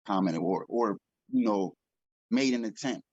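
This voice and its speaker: A man's voice: fairly low pitch, a little slow, darkish tone, breathy edge, no room sound, lo-fi sound. A man talking as a guest in a casual video call chat, laid-back and telling a story.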